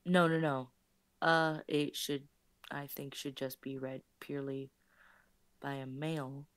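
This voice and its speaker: A woman co-hosting a casual live stream, soft-spoken and quick to laugh. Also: rumbling low, little pitch movement, clean tone, no echo. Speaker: co-host and story reader.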